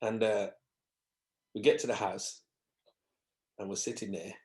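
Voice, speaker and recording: A man, a guest musician telling animated anecdotes in a podcast interview and acting out other people's voices. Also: on the low side, unhurried. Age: 50s.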